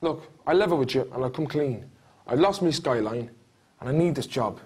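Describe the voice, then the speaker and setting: An actor playing a brash, scheming young Irish job seeker, talking in thick rural slang. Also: male voice, mid-range voice, animated, normal speed, a little mellow, slightly rough. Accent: Irish, Mayo.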